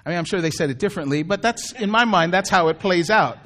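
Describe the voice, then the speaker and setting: A man's voice: sits high, fast, a bit bright. A man preaching a sermon as a pastor, telling the story in a loose, conversational way with asides to the congregation.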